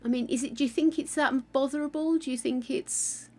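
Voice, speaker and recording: An older woman from England with a croaky voice, chatting and thanking viewers while building in a game, self-mocking and gushing. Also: high-pitched, fairly even intonation, brisk, a little mellow. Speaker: game streamer.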